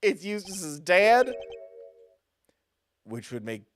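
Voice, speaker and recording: A man streaming a game live, cracking jokey, excitable asides between reading lines. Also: sits high, extremely slow, faint music behind. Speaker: gaming streamer.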